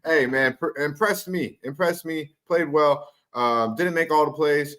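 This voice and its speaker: A man's voice: on the high side, a little slow, a bit bright. A man co-hosting a live sports talk show, chatting in a laid-back, profane way and ribbing the others. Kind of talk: casual sports banter.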